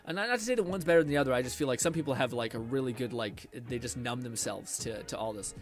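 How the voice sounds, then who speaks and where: A man's voice: mid-range voice, fast, soft background music. A man streamer chatting casually with his stream chat and answering comments in a rambling way, full of fillers and restarts.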